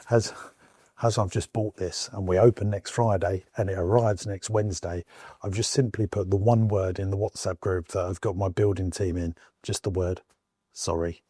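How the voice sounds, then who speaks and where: A man's voice: low voice, mellow, slightly rough, dry recording. Chatty businessman vlogging. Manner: enthusiastic, chatty, addresses viewers as Chuds. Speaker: entrepreneur vlogger. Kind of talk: walk-and-talk vlog. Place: outdoors at a farm and in warehouses.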